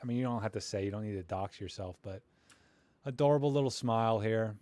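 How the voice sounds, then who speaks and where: A man's voice: lowish voice, quick pace, dark tone, no echo. A man hosting a live stream where he critiques viewers' photos, talking casually in a rambling, friendly, self-deprecating way with lots of fillers. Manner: friendly, encouraging toward viewers.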